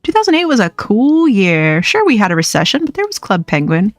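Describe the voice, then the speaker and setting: A young woman chats loosely while playing a game on a live stream, wandering from one thought to the next and laughing often. Her voice sits at a middle pitch and sounds dry and close to the mic. Soft music plays faintly behind her. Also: huge pitch swings, brisk, dry recording. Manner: chatty, rambling, laughs often. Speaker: livestream host. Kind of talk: casual chat while gaming.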